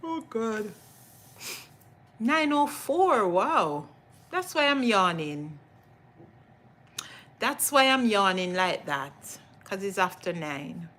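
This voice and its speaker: Slow-talking Jamaican woman in her kitchen. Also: mid-range voice, big pitch swings, a bit bright. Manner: chatty, repeats herself, talks to her viewers. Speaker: cooking livestream host. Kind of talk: casual livestream chat. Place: home kitchen.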